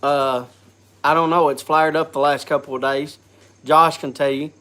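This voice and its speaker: A man's voice: a little high, steady tone, a bit bright. A man hosting a casual live chat, congested from a cold, coughing and often restarting his sentences. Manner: halting, restarts with repeated words. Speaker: host.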